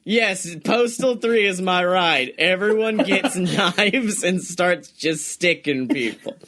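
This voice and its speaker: A young man co-hosting a podcast, chatting casually, excited and swearing often, laughing as he talks. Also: high-pitched, takes it slowly. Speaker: podcast co-host. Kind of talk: casual chat.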